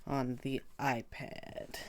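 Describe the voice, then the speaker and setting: A woman's voice: extremely low pitch, level tone, extremely slow. A woman live-streaming a video game, chatting casually, thinking aloud and greeting viewers as she plays. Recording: noisy home stream audio.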